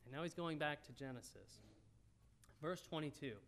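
A man's voice: on the high side, moderate pace, fairly bright tone, a little hiss or hum. A man preaching a sermon in a folksy, conversational teaching style, talking directly to the congregation. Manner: folksy, talks straight to the congregation.

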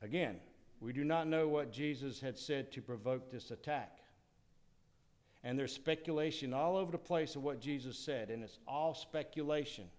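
A male pastor preaching a sermon, swinging dramatically from loud declarations to hushed asides. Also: mid-range voice.

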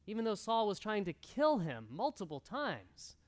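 Male pastor, high voice with a lot of swing, earnest sermon delivery that drives its points home. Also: big pitch swings, normal speed. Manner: earnest, exhorting, repeats key phrases. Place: church room.

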